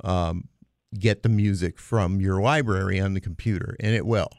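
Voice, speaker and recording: A man's voice: deep voice, fairly even intonation, moderate pace, darkish tone, no echo, studio quality. A man co-hosting a radio show, patiently explaining computer steps to a caller. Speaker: tech expert co-host. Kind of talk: on-air explanation.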